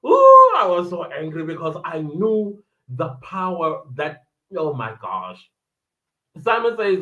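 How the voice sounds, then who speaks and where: Casual South African male streamer, raised pitch, reads out the chat and reacts, dull lo-fi mic. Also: pushed and bright. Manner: chatty, reads viewer chats aloud and reacts. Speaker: live-stream commentator. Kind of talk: casual live-stream commentary.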